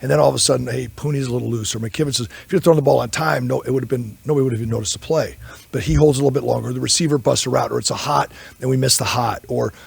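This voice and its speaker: Very raspy, fast-talking man. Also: medium pitch, steady tone, no echo. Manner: rambling storyteller, candid, self-interrupting. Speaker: offensive line coach. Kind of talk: press conference answers.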